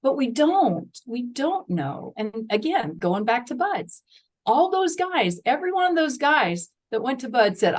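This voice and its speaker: A middle-aged woman speaks as a guest, sharing a heartfelt story of loss and faith. Her voice sits a little high, and she is earnest throughout. When she reads scripture aloud, she puts real feeling into it. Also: sing-song, unhurried, low-quality recording.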